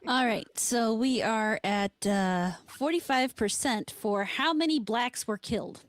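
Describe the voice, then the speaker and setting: A woman's voice: on the high side, unhurried, dry recording. A woman co-hosting a podcast, reading out listener questions with hesitant fillers between them. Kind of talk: casual podcast chat.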